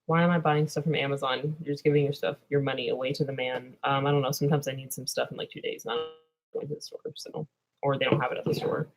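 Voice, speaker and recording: A woman's voice: rumbling low, little pitch movement, fast talker, rough recording. A young woman vlogger answering viewer questions in a rambling, drowsy way that trails off into mumbles. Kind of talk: casual livestream Q&A chat.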